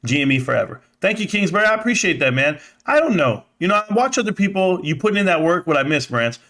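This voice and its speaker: A man hosting a casual live stream, reading chat aloud and thanking viewers by name. He rambles in an animated, sometimes profane way and says he feels out of breath. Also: sits high, fast talker. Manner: rambling, animated, swearing, laughs often.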